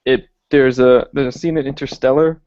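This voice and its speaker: A man's voice: medium pitch, fairly even intonation, moderate pace, a little mellow, no echo. A man co-hosting a podcast, thinking aloud in a hesitant way with many fillers while discussing films. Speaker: podcast co-host. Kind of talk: casual film discussion chat. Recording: dry, dull lo-fi podcast audio.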